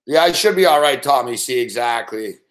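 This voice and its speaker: A man's voice: mid-range voice, animated, a little fast, a bit bright. A man hosting a late-night sports betting show, ranting casually and swearing constantly as he rambles. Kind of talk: late-night live stream rant.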